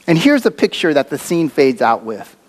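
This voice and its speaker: A man's voice: a little high, sing-song, normal speed. A man preaching a sermon as a pastor, talking in a conversational, reflective way with occasional fillers.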